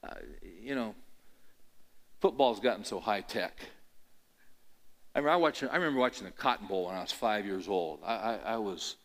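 A man's voice: lowish voice, moderate pace, pauses often, a bit bright. An older man preaching a conversational sermon, telling rambling folksy stories and building to emphatic, repeated questions. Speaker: pastor.

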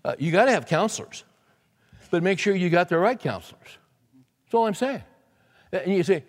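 A man's voice: high-pitched, sing-song, normal speed. A man preaching a sermon in a folksy, conversational way, reading scripture and talking plainly to the congregation. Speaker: pastor. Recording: reverberant hall recording.

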